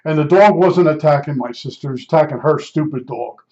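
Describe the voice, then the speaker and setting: A man in his seventies tells family stories in a loose, digressive way, drifting into one aside after another. His voice sits a little high for a man. The recording sounds dull and lo-fi. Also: brisk, dark tone. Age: 70s. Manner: rambling, digressive, many asides. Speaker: vlogger. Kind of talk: casual personal storytelling.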